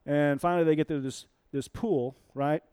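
A man's voice: on the high side, steady tone, moderate pace, mellow, clear, resonant tone, dry recording, clean studio sound. A man preaching a sermon, telling a story and asking the audience questions.

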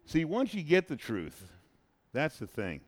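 A married man hosting a casual faith-based chat, who talks in an animated, preachy way and repeats phrases for emphasis. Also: fairly high pitch, unhurried. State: married, has a son.

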